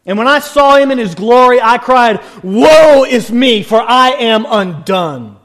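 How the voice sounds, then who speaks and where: A male preacher voicing an awed old prophet who slowly recounts his vision in a solemn, lowered voice. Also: expressive, a bit bright, heavily acted.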